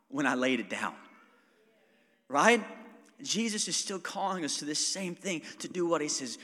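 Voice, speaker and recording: A man preaching to a congregation in a fairly high, bright voice. He calls out for amens and swings from loud preaching to soft, hushed prayer. His voice rings with a long reverb from the church sanctuary. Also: lively intonation, normal speed. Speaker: pastor. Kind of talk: sermon.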